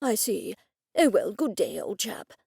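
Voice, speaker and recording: A woman reading an audiobook, voicing a pompous, stubborn older English gentleman with stiff, old-fashioned phrasing. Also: sits high, big pitch swings, a little slow, vocal fry, slightly rough, dry recording, studio quality, full character voice. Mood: indignant.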